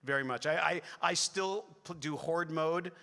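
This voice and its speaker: A middle-aged man, a voice actor on a convention panel, telling rambling, excitable stories to the audience with many restarts and asides. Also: a little high, measured pace, vocal fry. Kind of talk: animated storytelling on a convention stage. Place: large convention hall. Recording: echoey hall with long reverb.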